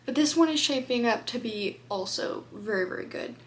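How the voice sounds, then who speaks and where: A woman's voice: fairly high pitch, lively intonation, moderate pace. A woman book vlogger talking casually to camera, chatty and rambling, with lots of fillers.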